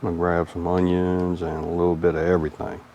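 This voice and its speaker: Man, Mississippi Southern accent, somewhat low voice, folksy cooking-vlog host, easygoing chatter. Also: monotone, fast talker, dull audio.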